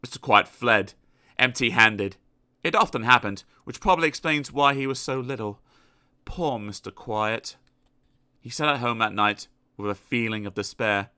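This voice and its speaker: A man narrating a children's storybook aloud in an expressive, animated storytelling manner. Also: medium pitch, moderate pace, smooth, dry recording, studio quality. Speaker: audiobook narrator.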